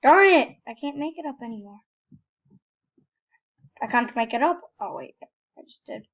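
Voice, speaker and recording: A young woman with a fairly high voice chats through her gameplay, trailing off, restarting her sentences and bursting out now and then. She records on a computer microphone, so the sound is muffled and lo-fi. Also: moderate pace, slightly rough. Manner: rambling, self-correcting, sudden excited outbursts. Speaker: gaming YouTuber. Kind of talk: casual gameplay commentary. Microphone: computer microphone with screen recorder.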